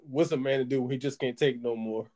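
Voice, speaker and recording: Man, podcast co-host, casual banter, laughs a lot, reads lyrics deadpan. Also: medium pitch, moderate pace. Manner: animated, laughing, reciting lyrics in a flat mock-serious tone. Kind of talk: casual chat, reading song lyrics aloud.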